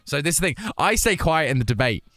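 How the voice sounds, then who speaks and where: A man's voice: on the high side, very animated, fast talker, over music. British man chatting on a live stream. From United Kingdom. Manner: chatty, reads out chat comments and answers them. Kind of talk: casual live-stream chat.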